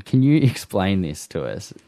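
A man hosting a radio interview talks in a chatty, animated way, his pitch swinging up and down a lot. His voice is recorded close and dry in a studio. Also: creaky, dry recording. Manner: animated, chatty, quick to laugh. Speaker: radio host. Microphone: studio microphone.

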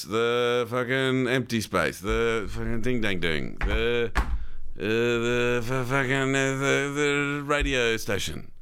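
A man's voice: medium pitch, a bit bright, clear, resonant tone. A man co-hosting a casual film podcast, bantering playfully and swearing often. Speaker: podcast co-host.

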